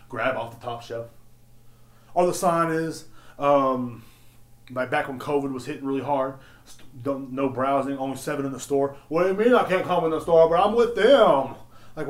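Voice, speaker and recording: A man hosting a podcast, telling work stories in a blunt, profane, animated rant. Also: medium pitch. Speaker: podcast host. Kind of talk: casual storytelling rant. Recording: roomy echo.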